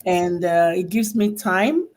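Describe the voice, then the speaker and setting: A woman giving an earnest, soft-spoken testimonial as a guest on a live stream. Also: lowish voice, lively intonation, slow. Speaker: guest mentor.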